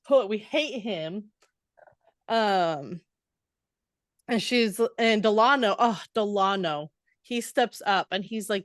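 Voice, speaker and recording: A woman co-hosting a podcast, retelling a fantasy novel in a loose, animated way and laughing along. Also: medium pitch, slow pace, long pauses, no room sound, clean studio sound. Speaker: podcast co-host. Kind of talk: casual book discussion.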